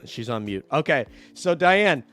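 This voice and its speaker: A man from New York hosting a casual video call chat, jokey and quick to laugh, often trailing off mid-sentence. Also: a little high, lively intonation, fairly bright tone, soft background music. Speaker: host.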